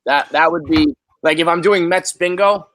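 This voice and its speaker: Profane, exasperated podcast host, bright voice. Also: male voice, on the high side, normal speed. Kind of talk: casual sports chat. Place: office.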